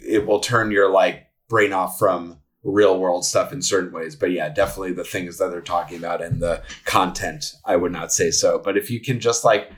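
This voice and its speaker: A man's voice: low-pitched, fairly even intonation, normal speed, few pauses. A man, a podcast guest, talking about a film in a loose, rambling way full of fillers. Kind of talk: casual film review chat.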